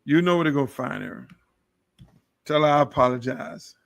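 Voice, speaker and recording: A man's voice: mid-range voice, expressive, moderate pace, creaky, fairly bright tone, no room sound. A middle-aged man hosting his own podcast, delivering a boastful, preachy monologue full of swearing. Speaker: podcast host. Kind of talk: profane monologue.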